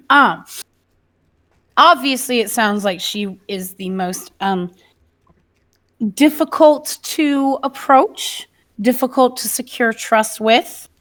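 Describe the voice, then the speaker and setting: A woman's voice: fairly high pitch, slow, pauses often, fairly bright tone. A woman player chatting casually during a tabletop game, rambling with fillers.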